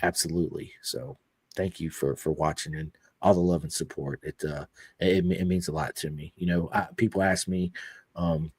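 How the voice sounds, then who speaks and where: A man hosting a casual podcast, reading viewer comments aloud and talking emotionally and excitably, with casual swearing. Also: sits low, moderate pace, slightly rough, dry recording, clean studio sound. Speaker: podcast host.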